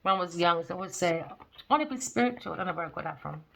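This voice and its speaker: A woman's voice: lowish voice, flat delivery, very fast, gravelly, sharp tone, a little hiss or hum. A woman giving a casual tarot reading, talking bluntly and animatedly and swearing freely. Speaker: tarot reader.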